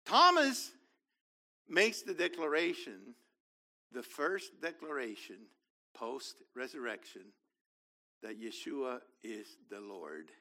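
A man preaching a sermon, animated, acting out scenes and questioning his congregation. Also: medium pitch. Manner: animated, acts out biblical figures, talks to congregation. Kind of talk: sermon, Bible teaching.

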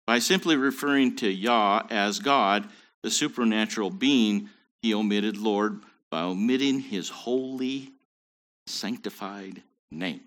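A man's voice: fairly low pitch, a little slow, a bit bright. A man teaching a Bible study in a conversational way, with joking asides.

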